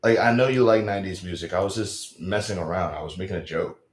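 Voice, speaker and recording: A man's voice: sits low, quick pace. A man chatting casually on a live stream who reads out viewers' comments and rambles with self-mocking jokes. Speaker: live streamer reading chat. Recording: echoey room.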